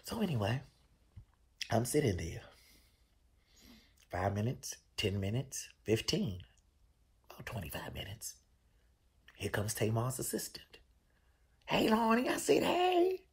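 Brief: DC-male host, husky, gravelly storyteller with big swings in pitch. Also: unhurried, long pauses. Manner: animated, profane storytelling with loud, high bursts. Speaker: show host. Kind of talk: casual storytelling.

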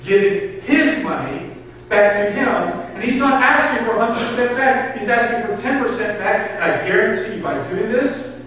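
A man preaching a sermon with passion, swinging between loud urging and hushed pleading. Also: high-pitched, normal speed, far from the mic, slight background noise. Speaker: pastor. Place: church hall. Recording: echoey hall recorded from afar.

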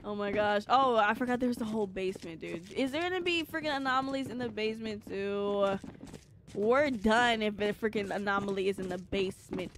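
A woman's voice: mid-range voice, brisk, a little hiss or hum. A young woman streaming a game live, rambling and joking casually with her chat, with lots of filler words. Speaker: gaming streamer.

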